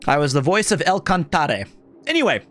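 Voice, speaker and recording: High, bright-voiced man rambling on stream. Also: lively intonation, normal speed. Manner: rambling, jokey, self-mocking storyteller. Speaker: live streamer. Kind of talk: casual chat with live chat.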